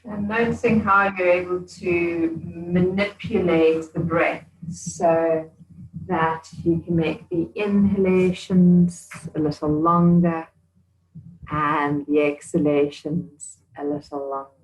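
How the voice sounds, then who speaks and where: A woman yoga teacher giving slow, soothing breathing instructions during an evening class. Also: fairly low pitch, steady tone, far from the mic. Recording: echoey room.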